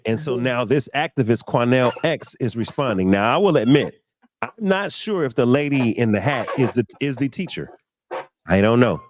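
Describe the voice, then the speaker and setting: A man hosting a casual livestream talk show, informal and lively. His pitch swings widely, and the sound is dry and close to the mic. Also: no echo. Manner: animated, laughing easily, informal. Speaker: livestream host. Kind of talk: casual chat.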